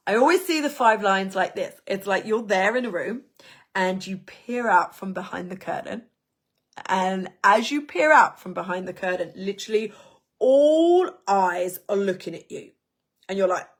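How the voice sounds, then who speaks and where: Animated woman teaching a workshop. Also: mid-range voice. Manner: animated, emphatic, repeats words for emphasis. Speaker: business coach teaching a workshop.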